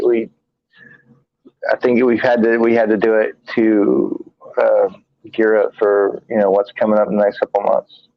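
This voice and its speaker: A man co-hosting a live paranormal talk stream, speaking in a halting, tired monotone with many fillers and restarts. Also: on the low side, no room sound. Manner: monotone, tired from little sleep. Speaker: paranormal investigator and show co-host. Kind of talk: casual live-stream chat. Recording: dry, dull lo-fi stream audio.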